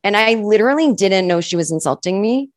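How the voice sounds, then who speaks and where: Chatting as a podcast guest, a woman comedian tells stories full of "like," acting out the people she quotes. Her medium-pitched voice has lively intonation and a slightly fast pace, and the studio recording is clean and dry.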